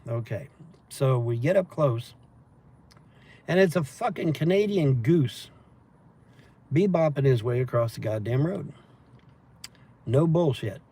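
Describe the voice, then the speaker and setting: A man's voice: mid-range voice, lively intonation, measured pace, long pauses, dark tone, slightly rough. A man hosting a livestream, rambling casually and profanely as he reads and answers chat comments. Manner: profane, meandering storytelling with laughs. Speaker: livestream host reading chat.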